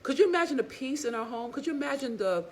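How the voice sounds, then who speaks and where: A woman's voice: high-pitched, fast. Sassy woman relationship coach. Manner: animated, preachy, sassy and frank with curses. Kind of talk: casual motivational talk to women viewers.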